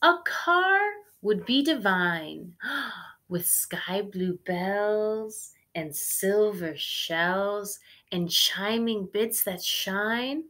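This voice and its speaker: A woman reading aloud as a dreamy, delighted lady spider in a storybook, in a high, sing-song, gushing voice. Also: very slow, fairly bright tone.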